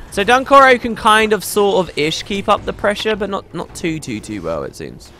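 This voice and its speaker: A talkative man rambles through a casual gaming stream, often breaking off and restarting his sentences. His voice sits a little high and swings up and down a lot. The tone is bright and forward. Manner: rambling, talkative, self-interrupting.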